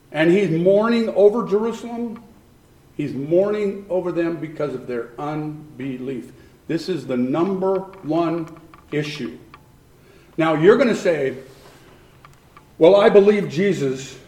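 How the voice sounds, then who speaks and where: A man's voice: on the high side, darkish tone. A man preaching a sermon in a conversational way, acting out what people in the text might say. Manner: conversational preaching, acts out voices with laughs. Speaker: pastor. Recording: roomy echo.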